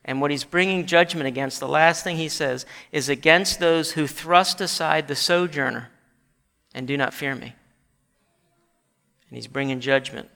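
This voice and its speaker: A man preaching a sermon in a church, animated and rising to shouts when he quotes scripture. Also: fairly high pitch, a little slow, vocal fry, big-room sound. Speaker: pastor.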